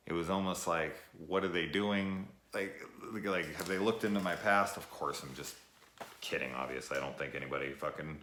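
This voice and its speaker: A man giving a casual, rambling movie review, cursing often and trailing off into fillers. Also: low-pitched. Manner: rambling, profane, animated, full of fillers. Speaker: film reviewer. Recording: echoey room.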